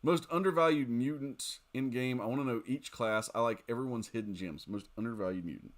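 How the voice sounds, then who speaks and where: A man's voice: mid-range voice, fairly quick. Tired, giggly man streaming a game. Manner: rambling, giggly, reacts loudly to the game. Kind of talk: casual late-night gaming stream chat.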